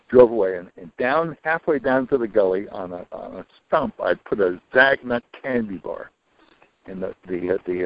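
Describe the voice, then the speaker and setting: An older man in an interview, spinning a long personal story in a casual, rambling way. His voice sits low but swings widely in pitch, and he often restarts and sinks into quiet, muttered asides. The recording sounds dull and lo-fi.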